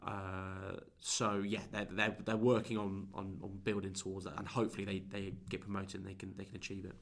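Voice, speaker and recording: A man with a lowish voice chats casually on a football podcast. He rambles a little, restarts his sentences and keeps things friendly and relaxed. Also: a little fast. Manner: easygoing, rambling, many restarts, calls people mate. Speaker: podcast co-host and football fan.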